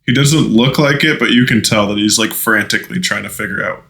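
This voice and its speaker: A man's voice: fairly low pitch, brisk, pushed and bright, poor audio. A young man co-hosting a casual movie podcast, rambling and full of "like" fillers. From Washington State. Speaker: podcast co-host.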